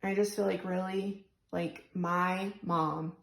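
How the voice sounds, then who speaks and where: A woman's voice: fairly low pitch, fairly even intonation, takes it slowly, vocal fry, fairly bright tone, reverberant, low-quality recording. A young woman venting tearfully and rambling about her frustrations into her phone, close to crying. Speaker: single mom vlogger. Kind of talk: emotional venting vlog.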